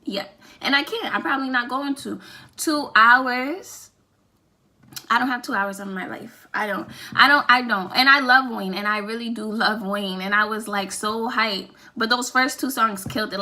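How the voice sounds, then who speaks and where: A woman's voice: fairly high pitch, sharp tone. A woman vlogging her opinionated music review, talking emphatically, repeating lines for effect and swearing casually.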